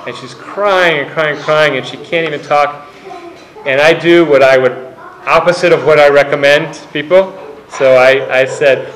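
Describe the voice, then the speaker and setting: A man's voice: a little high, steady tone, moderate pace, a bit bright. A man giving a book talk to a live audience, telling anecdotes and acting out the voices of the people in them. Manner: anecdotal, acts out quoted voices. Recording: echoey room.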